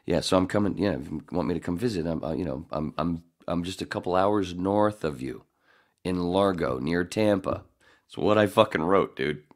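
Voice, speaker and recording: A man's voice: deep voice, moderate pace. A man telling a rambling, profane story in casual chat as a podcast co-host.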